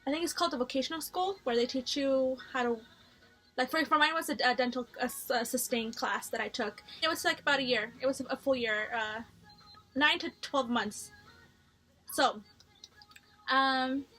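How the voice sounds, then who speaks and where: A young woman vlogging a candid personal story, blunt and quick to swear, restarting her sentences as she goes. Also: high-pitched, a bit bright, soft background music. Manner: heated when retelling the story. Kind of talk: casual storytelling to camera.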